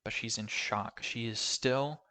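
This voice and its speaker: A man casually talking through a film's plot in a rambling review, full of fillers and sudden loud exclamations. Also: mid-range voice, a little slow. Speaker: movie reviewer. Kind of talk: casual spoken film review.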